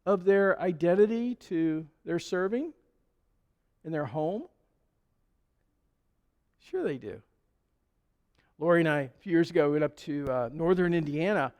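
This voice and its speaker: High-voiced preacher in a reverberant hall. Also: male voice, darkish tone, clean tone. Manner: conversational storytelling with chuckles. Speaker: pastor. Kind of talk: sermon. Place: church sanctuary. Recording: long church hall reverb.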